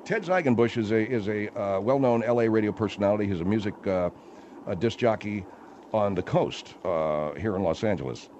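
A man hosting a comedy talk radio show, brisk in promos and exasperated in banter. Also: fairly low pitch, darkish tone, lo-fi sound, a little hiss or hum.

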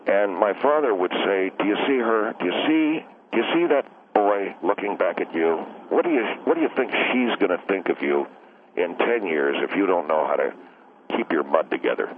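A man's voice: low-pitched, lively intonation, normal speed, background noise. An actor playing a touchy, rambling husband calling into a radio comedy show, who keeps mixing up he and she. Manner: defensive, rambling, mixes up he and she. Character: touchy rambling middle-aged husband caller. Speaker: caller. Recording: tinny phone line.

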